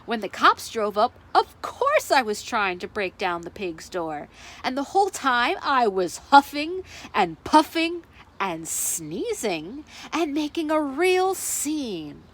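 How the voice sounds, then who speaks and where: A woman's voice: fairly high pitch, very animated, takes it slowly, fairly bright tone, exaggerated voice. A woman voicing a sly male wolf who makes excuses, in a storybook read-aloud with a wheedling manner.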